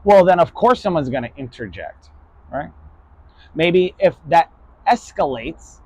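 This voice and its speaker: A man's voice: on the high side, expressive, unhurried, a little mellow, breathy edge. A man from New York giving a casual, blunt lecture to his online class, swearing freely and ending nearly every point with "right?". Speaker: online philosophy class host.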